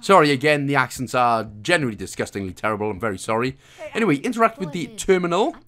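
A man's voice: mid-range voice, big pitch swings, fast, fairly bright tone. A man from Wales, hosting a casual game walkthrough with jokey, rambling, self-mocking asides. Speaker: video game walkthrough host.

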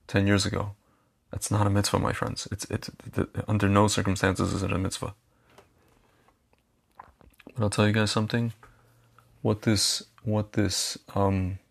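A man's voice: fairly low pitch, creaky, slightly rough. A man talking casually straight to his viewers as a commentator, chatty, repeating phrases and calling them his friends. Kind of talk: casual direct-to-camera monologue.

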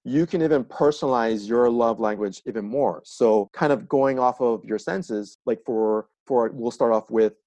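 A man's voice: mid-range voice, normal speed, hardly any pauses, warm tone, no room sound. A man appearing as a coach guest on a podcast, explaining earnestly and with examples in a casual chat.

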